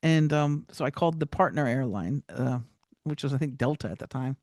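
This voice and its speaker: Woman, podcast guest, animated storytelling, acts out dialogue, dry close sound. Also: very deep voice, brisk, no echo. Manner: animated, many restarts, acts out quoted dialogue. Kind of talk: casual personal storytelling.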